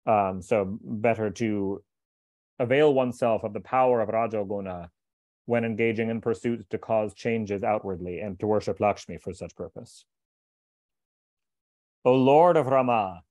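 A man reading a translated scripture aloud in a measured, deliberate way, stopping for short explanatory asides. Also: lowish voice, fairly even intonation, darkish tone, no room sound. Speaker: scripture reader and teacher.

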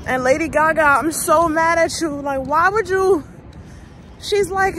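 A woman's voice: high-pitched, animated, moderate pace, a bit bright, slight background noise. A woman vlogger giving a heated, profane, emotional movie rant straight to her viewers, talking casually to a phone camera outdoors.

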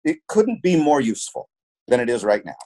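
A man's voice: medium pitch, very animated, fairly quick, a little mellow. A man who works as a film and television producer, telling stories as an interview guest in an earnest way and often repeating words as he restarts. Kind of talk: conversational interview, telling anecdotes.

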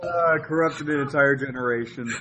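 A man's voice: medium pitch, moderate pace, crowd noise. A man joining a live stream as co-host, trading jokes and dry asides in casual banter.

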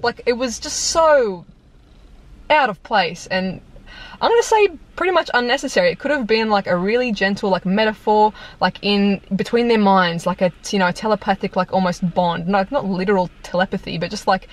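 A woman's voice: mid-range voice, a little fast. Young woman doing a loose, chatty review rant, lots of "like", camera mic. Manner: chatty and exasperated, lots of "like", breaks into laughter. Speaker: video reviewer. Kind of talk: casual movie review rant. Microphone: compact camera on tripod.

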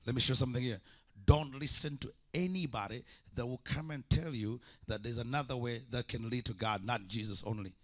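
A man's voice: mid-range voice, a little fast, a bit bright. A man preaching a sermon as an evangelist, impassioned, with repeated call-and-response lines.

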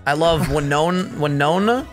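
A young man giving casual gameplay commentary as a co-host, excitable and teasing, laughing often. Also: on the high side, moderate pace, faint music behind. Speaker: co-host of a gaming series.

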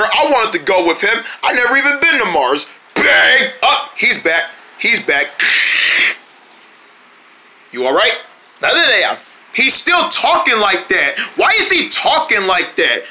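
A man voicing an excitable young male cartoon deer who argues and bickers with his friends. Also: sits high, full character voice. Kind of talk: homemade cartoon voice acting.

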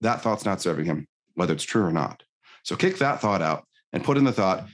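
A man's voice: low voice, a little fast. A middle-aged man, a life coach, telling stories on a podcast and acting out the dialogue in them. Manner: animated storyteller, acts out quoted dialogue. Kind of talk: conversational podcast interview.

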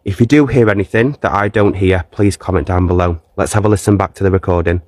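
A man's voice: deep voice, quick pace, darkish tone, no room sound. Earnest man hosting a ghost hunt. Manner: earnest and coaxing toward the spirit, chatty with viewers. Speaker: ghost-hunting livestream host. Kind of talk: live paranormal investigation, talking to a spirit and viewers. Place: castle grounds. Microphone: handheld phone streaming live.

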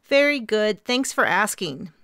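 A wry young woman needles her friend with dry, teasing remarks, as a woman puts her on. The voice has a faint vocal fry. It is recorded close and dry for an audiobook. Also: medium pitch, very animated, unhurried, a bit bright, dry recording, voice pushed up.

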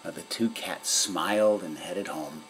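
A man narrating a children's story in an expressive storytelling manner. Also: low voice, measured pace, slight background noise, rough recording. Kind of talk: storybook reading.

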